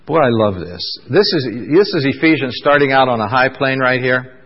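A man's voice: medium pitch, lively intonation, breathy edge. Male pastor, casual sermon delivery with many "uh"s, long echoing hall, muffled lo-fi sound. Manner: conversational, fills pauses with "uh", asks the congregation questions.

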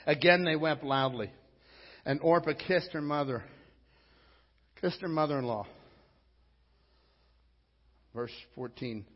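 A man's voice: medium pitch, husky. A male pastor delivering a sermon in an emphatic, conversational way. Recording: lo-fi with long hall reverb.

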